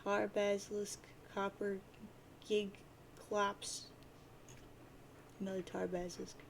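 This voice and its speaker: A woman hosting a read-through of a webcomic, narrating in a lively, quick and playful way. Her voice sits in a middle register, and a faint hiss of noise runs underneath. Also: medium pitch, gravelly. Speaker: reader. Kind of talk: reading a webcomic aloud.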